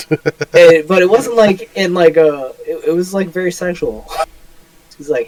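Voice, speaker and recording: A man's voice: sits high, moderate pace, a little mellow, no echo, poor audio. A young man co-hosting a podcast in casual chat, a playful, joking storyteller. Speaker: podcast co-host.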